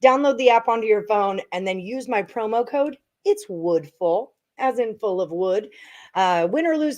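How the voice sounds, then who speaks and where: A young woman hosting a casual sports betting live stream, chatty and joking as she talks picks and reads comments. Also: mid-range voice. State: out of breath. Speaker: sports betting show host.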